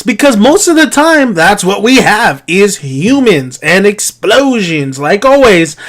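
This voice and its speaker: A man's voice: high voice, fairly bright tone. A man giving an exasperated, profane film-review rant, firing off incredulous rhetorical questions and laughing between points. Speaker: movie reviewer.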